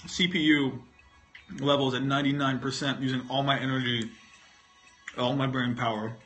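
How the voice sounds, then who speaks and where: A man's voice: medium pitch, flat delivery, normal speed, a bit bright, faint music behind. A man chatting casually on a livestream while eating candy, rambling and self-mocking, swearing freely and talking with his mouth full. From North Carolina, US. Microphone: phone.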